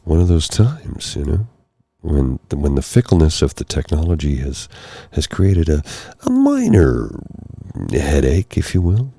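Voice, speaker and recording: A tired, hoarse man hosting a soft-spoken ASMR live stream, rambling gently and apologizing often. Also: extremely low pitch, huge pitch swings, a little slow. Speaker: ASMR host. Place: candlelit room at home. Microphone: close mic for ear-to-ear speaking.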